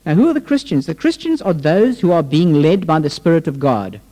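A man's voice: fairly high pitch, very animated, a little fast, warm tone. A man preaching a sermon as pastor, opening with a prayer and then stressing points emphatically. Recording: long reverb of a hall.

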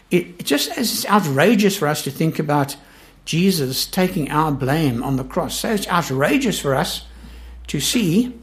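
A man leads a Bible study in an earnest, emphatic manner. His voice sits a little high, and he drives each point home by repeating it. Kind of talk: Bible teaching.

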